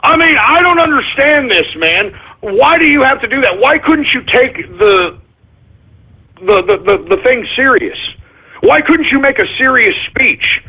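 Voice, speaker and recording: Agitated high-pitched ranting radio host man. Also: lively intonation, measured pace, breathy edge. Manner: agitated ranting, shouting bursts, repeats himself. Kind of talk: ranting call-in radio monologue. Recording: phone-line quality broadcast.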